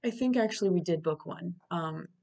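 Woman host, 30s, candid and earnest, lowish pitch, personal podcast storytelling. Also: a little fast, vocal fry, dark tone. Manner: candid, earnest, conversational with fillers.

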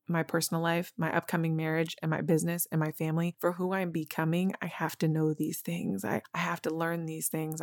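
A woman in her thirties shares a deeply personal story in an earnest, emotional voice that sits a little low. She talks right to her listeners, and the sound is close and dry with no room echo. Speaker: podcast host.

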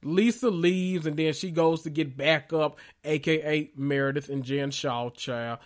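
A man's voice: fairly high pitch, unhurried. A man hosting a casual reality TV recap vlog, sassy and gossipy, laughing often as he rambles.

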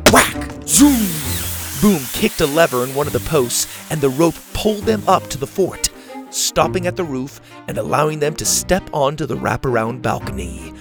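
A man narrating a children's adventure storybook with a steady, expressive reading. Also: fairly high pitch, moderate pace, music in the background.

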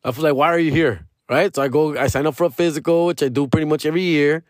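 Slangy comedian, higher voice. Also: male voice, rapid-fire, darkish tone, dry recording, clean studio sound. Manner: slangy, swearing, constantly tagging "fool" and "dog", drops Spanish. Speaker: comedian and podcast host. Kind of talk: casual comedic monologue.

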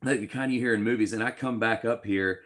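A young man from Georgia with a light Southern accent talks as an interview guest, with a fairly low voice. He tells stories in an animated way and slips into other people's voices as he goes. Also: quick pace. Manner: animated storyteller, acts out quoted voices. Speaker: guest musician. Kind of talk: casual interview chat.

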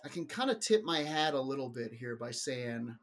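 A man's voice: medium pitch, animated, normal speed. A man hosting a comedy podcast, joking and laughing often, trailing off with fillers. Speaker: podcast host. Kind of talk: casual comedy chat.

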